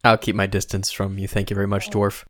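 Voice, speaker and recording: A man's voice: on the low side, completely flat delivery, fast, fairly bright tone, dry recording. A man playing a tabletop game, talking in a dry, laid-back way. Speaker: player. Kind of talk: casual in-character game talk.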